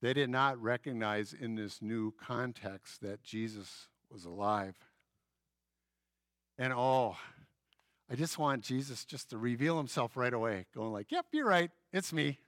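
Bright-voiced male pastor telling stories. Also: mid-range voice, unhurried, no room sound, clean studio sound. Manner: lively storytelling, acting out quoted voices. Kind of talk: sermon.

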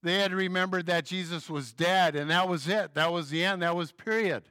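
A man preaching a sermon as a pastor, telling stories in a lively way and acting out the voices of the people in them. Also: high voice, normal speed, clean tone, no echo, clean studio sound.

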